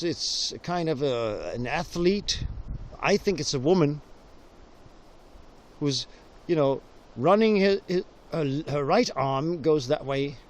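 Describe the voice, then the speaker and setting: A man whose first language is Danish, rambling through a whimsical, punning improvised monologue outdoors in a forest, recorded on a handheld camera. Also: a little high. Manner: whimsical, punning, full of restarts. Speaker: vlogger. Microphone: handheld camera, sometimes left on a tree.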